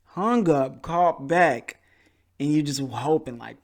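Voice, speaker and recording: A man hosting a podcast, telling a story in a casual, animated way and acting out the people he quotes. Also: on the high side, slow pace. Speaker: podcast host.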